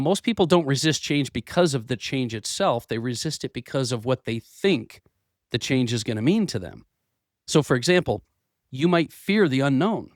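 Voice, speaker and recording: Recorded at studio quality with no room sound, a man in an office hosts a business podcast meant to motivate. His mid-range voice carries some wear from having lost it, and he speaks earnestly, restarting phrases and repeating words as he goes.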